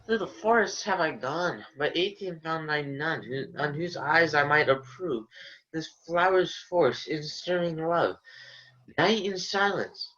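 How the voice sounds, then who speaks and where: A young man playing a mischievous fairy servant, speaking verse slowly and deliberately over an online call in an amateur student Shakespeare performance. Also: a little high, pushed and bright. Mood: sly. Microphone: video call. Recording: dull lo-fi online audio.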